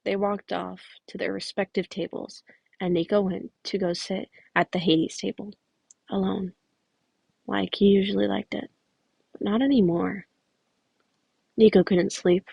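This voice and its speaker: Casual woman podfic reader; gravelly, husky, very dry recording. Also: medium pitch, fairly even intonation, unhurried, long pauses, mellow, no echo, dull audio. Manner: casual, self-correcting with chatty asides. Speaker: fan fiction reader. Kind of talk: podfic narration.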